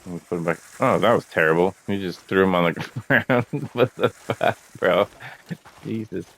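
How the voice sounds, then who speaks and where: A man giving casual, profane commentary while playing a video game, often laughing and getting excited. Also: low voice, normal speed, gravelly. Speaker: gamer showing a game.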